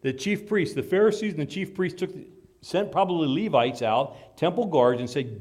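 A man's voice: a little high, lively intonation, normal speed, a little mellow. A man preaching a sermon in an emphatic, dramatic way, acting out the voices he quotes.

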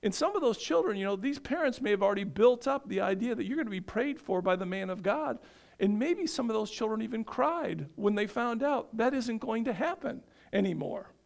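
A man's voice: sits high, lively intonation, fairly quick, creaky. A man from northeastern Pennsylvania preaching a sermon, often asking the congregation questions and answering them himself. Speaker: pastor.

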